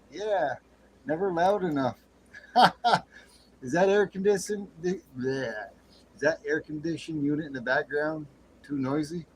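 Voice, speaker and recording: A man hosting a late-night livestream chat in a folksy way, greeting viewers with loud whoops. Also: medium pitch, a little slow, pauses often, low-quality recording. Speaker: livestream host. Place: home studio with air conditioner running. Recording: faint air conditioner hum.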